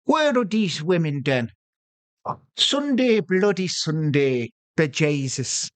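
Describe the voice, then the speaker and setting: Brief: a masked man faking a bad Irish accent, pitched high and overdone, as a podcast host puts him on. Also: big pitch swings, normal speed, darkish tone, no room sound. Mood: mocking. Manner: hammy, exaggerated comic impression.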